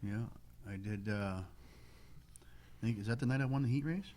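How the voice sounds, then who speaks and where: Plainspoken low-voiced racing driver. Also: male voice, a little slow, darkish tone. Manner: plainspoken, rambling with many fillers. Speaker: local stock car driver. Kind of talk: casual radio talk.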